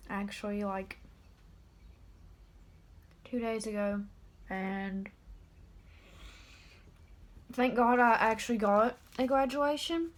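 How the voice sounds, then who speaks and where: An eighteen-year-old woman talking straight to camera in a personal confessional vlog, subdued and halting. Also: on the high side, fairly even intonation. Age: about 18. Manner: subdued, halting and openly emotional. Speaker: vlogger.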